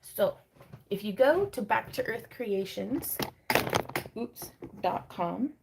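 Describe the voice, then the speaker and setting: A woman's voice: medium pitch, expressive, slow, vocal fry, background noise. A woman, hosting a casual livestream sale from her home craft room, chatty and rambling, reading viewer comments and laughing often.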